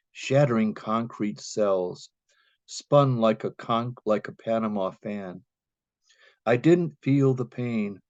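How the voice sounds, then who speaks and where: Low voiced guy reading a poem real slow, dull muffled call audio. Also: darkish tone, dry recording. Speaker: open mic poet. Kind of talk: poetry reading. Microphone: video call.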